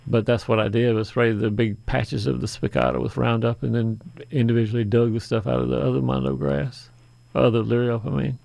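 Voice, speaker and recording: A man hosts a call-in garden show, talking in a folksy, chatty way that drifts into asides. His voice is deeply gravelly with a lot of fry. The studio sound is dry and close. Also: flat delivery, fairly quick, a little mellow, dry recording. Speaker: radio garden show host. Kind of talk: call-in radio talk.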